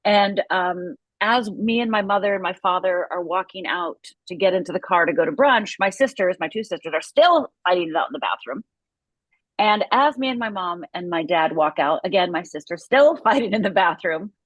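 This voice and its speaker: A woman's voice: lowish voice, animated, normal speed, dry recording, low-quality recording. A middle-aged woman from Upper Michigan, a guest telling her life story with intense, vivid storytelling. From Upper Michigan, USA. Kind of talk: personal story in an interview.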